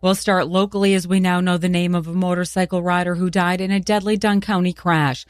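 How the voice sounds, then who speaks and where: Female radio newsreader, brisk, dry studio sound. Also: fairly low pitch, no echo. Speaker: radio news anchor and co-host. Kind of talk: morning radio news read and banter. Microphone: studio mic.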